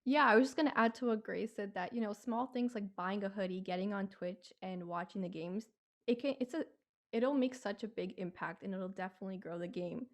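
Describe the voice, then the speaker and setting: A woman's voice: mid-range voice, a little fast. A woman co-hosting a casual sports podcast, easygoing and encouraging. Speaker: podcast co-host.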